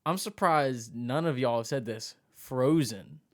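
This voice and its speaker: A man's voice: mid-range voice, a little slow. A young man co-hosting a casual podcast chat, laid-back and teasing. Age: young adult. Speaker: podcast co-host.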